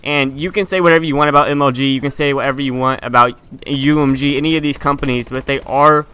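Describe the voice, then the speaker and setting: A man's voice: medium pitch, steady tone, quick pace, pushed and bright, smooth. A teenage boy giving a heated, indignant opinion rant on his gaming channel, often stumbling and restarting his sentences. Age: teens. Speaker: gaming YouTuber.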